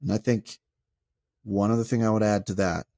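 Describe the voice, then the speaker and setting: A man, a former pastor, talking through ideas in a casual podcast chat, rambling and animated with many restarts. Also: fairly low pitch, normal speed, creaky, no echo, clean studio sound.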